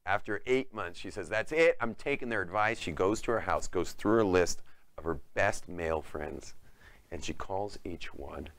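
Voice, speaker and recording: A middle-aged man, a rabbi, giving a talk and acting out the people in his story with lively delivery. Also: low voice, a little slow, vocal fry, no echo. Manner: animated storyteller who acts out quoted voices.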